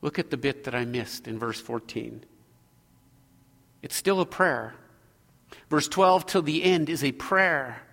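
A man preaching a sermon as pastor, earnest, moving between loud exhortation and hushed prayer. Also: medium pitch, animated, unhurried, creaky, pauses often, long reverb tail.

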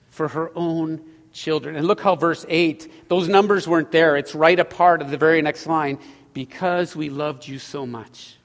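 A middle-aged male pastor preaching a sermon, swinging from loud emphatic lines to hushed ones. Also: fairly high pitch. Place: church sanctuary. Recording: long hall reverb.

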